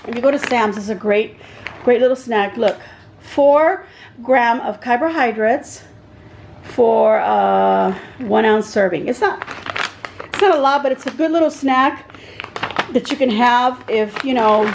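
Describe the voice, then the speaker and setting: A middle-aged woman from Texas chats in a loose, rambling way, stopping to hunt for words as she shows off her kitchen. Her voice sits a bit high with a gravelly edge. Faint household ambience hangs behind her. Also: measured pace, background noise. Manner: chatty, rambling, searching for words. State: out of breath. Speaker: vlogger. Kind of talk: casual home tour chat. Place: home kitchen.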